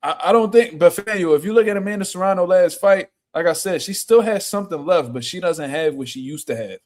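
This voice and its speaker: Casual male reaction host, slangy and animated, slightly higher voice. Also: a little fast. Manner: slangy, animated, laughs loudly. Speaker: boxing commentator.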